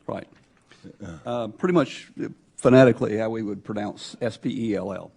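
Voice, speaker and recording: A man chairing a congressional hearing, introducing witnesses in a loose, halting way. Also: fairly low pitch, creaky, darkish tone, husky. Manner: halting, loose, with many hesitations. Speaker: subcommittee chairman.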